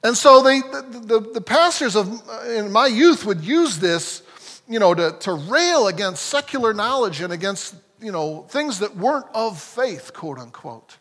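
A man preaching a sermon as a pastor, talking in a lively, conversational way with frequent restarts. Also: sits high, a little slow. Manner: animated, conversational, self-correcting. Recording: long hall reverb.

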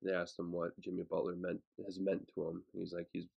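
A man co-hosting a casual sports podcast with a gravelly, husky voice, easygoing and agreeable. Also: low voice, completely flat delivery, brisk, darkish tone, highs cut off. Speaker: podcast co-host.

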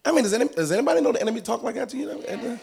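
A man preaching a sermon in a church, animated and humorous, often acting out voices. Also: very high-pitched, very fast, creaky. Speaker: pastor. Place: church sanctuary.

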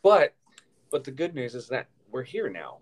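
A man's voice: mid-range voice, sing-song, moderate pace, low-quality recording. A man co-hosting a casual podcast, talking in a rambling, chatty way with many fillers and restarts. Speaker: podcast co-host.

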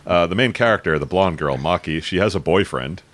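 Deep-voiced man, halting casual talk. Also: lively intonation, a bit bright. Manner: halting, many restarts and short laughs. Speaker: podcast co-host. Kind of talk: casual chat reviewing anime.

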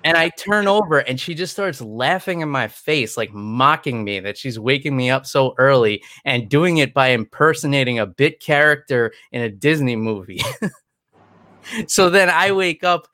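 Tired male podcast co-host, rambling and chatty, mid pitch, dry. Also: lively intonation, moderate pace, pushed and bright, dry recording. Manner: rambling, chatty, many restarts. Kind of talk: casual chat.

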